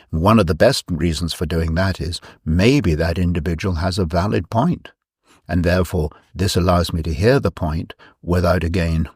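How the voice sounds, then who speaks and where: A man giving a reflective talk, measured and explanatory, repeating key phrases for emphasis. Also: low-pitched, a little mellow, husky, no room sound, studio quality. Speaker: speaker presenting his ideas.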